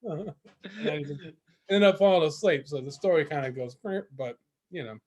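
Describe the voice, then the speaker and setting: A man's voice: on the high side, moderate pace, darkish tone. Rambling, laughing podcast guy. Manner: rambling, laughs often, swears casually. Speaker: podcast co-host. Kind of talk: casual storytelling.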